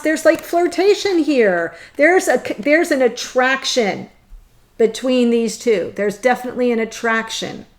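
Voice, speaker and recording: A woman reads tarot to her viewers at a slow, drawn-out pace, her voice sitting a little high. She gushes and turns tearful as she talks, laughing through her emotion. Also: a little mellow. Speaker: tarot reader. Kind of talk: emotional tarot reading to camera.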